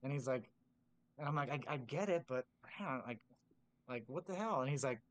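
A man's voice: mid-range voice, fairly quick, no echo. A man, a drumline instructor, telling stories casually on a podcast and acting out quoted dialogue with lots of filler words. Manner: animated, acts out quoted dialogue in a raised voice.

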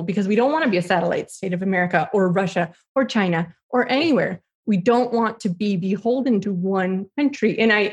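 A woman's voice: medium pitch, a little mellow. A woman in her late thirties, a guest in a political interview, speaking earnestly with frequent restarts. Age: late 30s.

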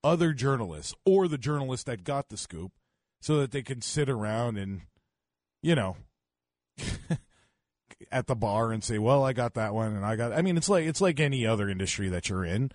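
A man's voice: mid-range voice, lively intonation, moderate pace, darkish tone, no room sound, clean studio sound. Emphatic ranting radio co-host, man. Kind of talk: late-night radio chat.

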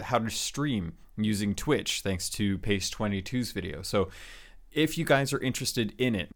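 A man hosting a gaming podcast, opening with hammy pirate-talk greetings and then chatting casually with the odd filler. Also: fairly low pitch. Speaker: podcast host.

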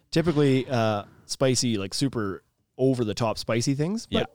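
A man co-hosting a podcast, chatting casually with an animated, rambling manner and frequent laughter. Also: mid-range voice, a little slow, no echo. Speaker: podcast co-host. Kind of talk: casual chat.

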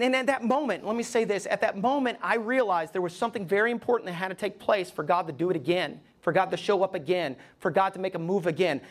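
A man, a lead pastor, telling a personal story in a sermon with conversational rhetorical questions and emotional pleading. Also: high-pitched.

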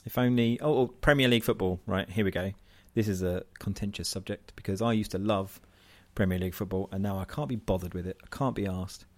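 A man's voice: lowish voice, a little fast, hardly any pauses. A man from southern England, co-hosting a podcast in a wry, self-deprecating casual chat that slides into rants. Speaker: podcast co-host.

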